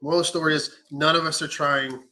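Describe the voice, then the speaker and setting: A man, a knife maker, telling stories in casual podcast chat, animated and swearing freely while acting out what people said. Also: a little high, fast, a crowd in the background, low-quality recording. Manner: animated storytelling with profanity and acted-out quotes.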